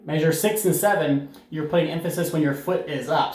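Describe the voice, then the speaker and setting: A man teaching a recorded band lesson, calmly explaining rhythm and counting beats aloud with plenty of "uh"s. His voice sits a touch high for a man. The room around him is noticeably echoey. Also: fairly quick, few pauses. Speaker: middle school band teacher.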